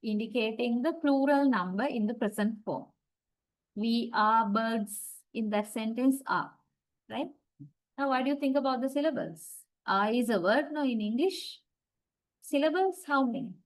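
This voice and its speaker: A woman's voice: fairly high pitch, moderate pace, rough recording. A woman giving an online university lecture, explaining step by step and often checking with "right?".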